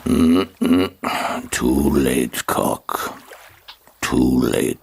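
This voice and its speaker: An older man narrating a radio drama in a lilting, playful and richly expressive way. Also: extremely low pitch, very slow, vocal fry, noisy background.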